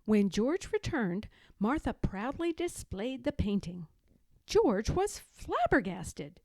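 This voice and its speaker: A woman reading a children's picture book aloud, expressive and giving voices to the dialogue, in a quiet small room. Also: fairly high pitch, takes it slowly, no room sound. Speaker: read-aloud narrator.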